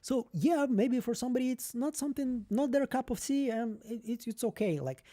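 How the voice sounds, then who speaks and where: A man's voice: very high voice, animated, moderate pace, warm tone. A young man with a non-native English accent, chatting candidly and rambling on a live stream as host. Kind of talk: casual live-stream chat.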